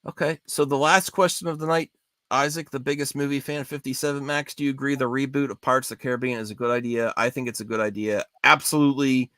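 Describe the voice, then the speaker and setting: A man hosting a live stream in loose, chatty talk. His voice is bright and forward, and the sound is dry and close. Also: medium pitch, steady tone, quick pace, no room sound. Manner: chatty, drinking beer while talking. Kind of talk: casual live-stream chat.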